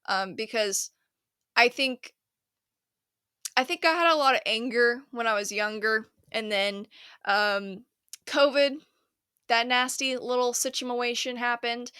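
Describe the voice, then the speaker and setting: Casual solo podcast host, young woman, slightly high and bright, dry close mic. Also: a little slow, clean tone, dry recording. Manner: chatty, laughs often, paraphrases scripture in slangy put-on voices.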